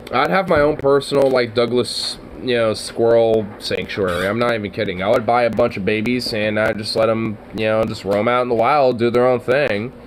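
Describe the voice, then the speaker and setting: Guy rambling and cursing on stream, excitable, faint hiss in the background. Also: mid-range voice, poor audio. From Oregon, US. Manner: profane, excitable, trailing off with fillers. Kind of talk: casual rambling chat.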